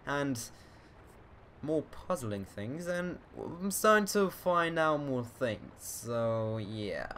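Slow-talking young man, let's-play commentary. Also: medium pitch, a little hiss or hum. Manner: swears often, excitable outbursts between mumbled asides. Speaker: gameplay video host.

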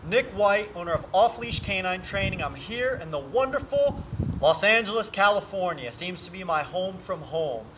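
A man with a notably high voice talks casually to the camera and snaps out brisk commands to a dog. He is outdoors in a backyard, with plenty of noise in the recording. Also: animated. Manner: firm short commands to a dog. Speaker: dog trainer. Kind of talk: casual video commentary.

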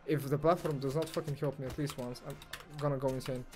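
A young man commentating on his own gameplay, excitable and foul-mouthed, swinging from muttering to yelling and ranting. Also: mid-range voice, fast, few pauses, soft background music. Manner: excitable, swears, rants, swings from mumbling to yelling. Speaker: gamer streamer.

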